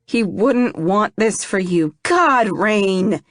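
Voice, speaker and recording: Female narrator doing a young male best friend, gentle, teasing, reassuring, dry. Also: mid-range voice, sing-song, takes it slowly, no echo, heavily acted. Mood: urging.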